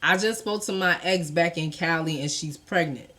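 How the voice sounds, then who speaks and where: A blunt young boyfriend speaks low and muttered, flat and matter-of-fact, as a woman puts him on. His voice sits a few notches below her own, quieter and clipped. He gets straight to the point with little warmth. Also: normal speed, lightly acted.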